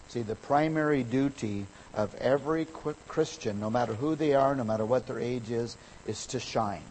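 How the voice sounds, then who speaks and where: A man preaching a sermon as a pastor, emphatic, his voice swelling louder on key words. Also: medium pitch, a little hiss or hum, poor audio.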